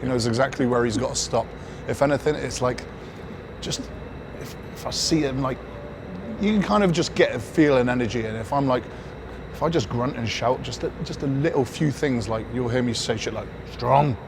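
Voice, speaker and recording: A man's voice: mid-range voice, fairly quick, noisy background. A man with a British accent chatting casually as a training partner in a gym.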